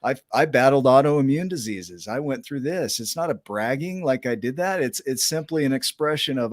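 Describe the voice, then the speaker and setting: A man's voice: medium pitch, expressive, normal speed, no echo, studio quality. A man hosting a podcast interview, talking emphatically and enthusiastically, often checking in with "right?". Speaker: podcast host.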